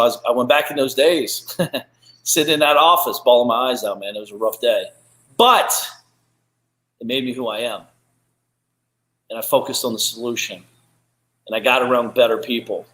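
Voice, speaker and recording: Male host, mid pitch, earnest pep talk with repeated phrases, recorded in a roomy space. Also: bright, forceful tone. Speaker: live show host. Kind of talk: motivational live talk. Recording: roomy echo.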